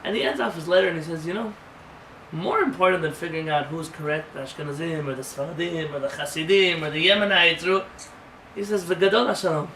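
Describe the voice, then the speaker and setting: A male rabbi with a high, bright voice leads an informal Torah class in a conversational, emphatic manner, pressing his points with rhetorical questions. He is picked up from a distance, so the voice sits in a roomy, echoing space with faint noise behind it. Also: fast talker.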